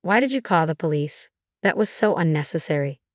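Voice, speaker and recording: Evasive cheating husband, read by a woman in a low, dry voice, storybook drama. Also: animated, brisk, no room sound. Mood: defensive. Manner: casual, then defensive and stammering. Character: cheating husband, evasive, nervous grown man.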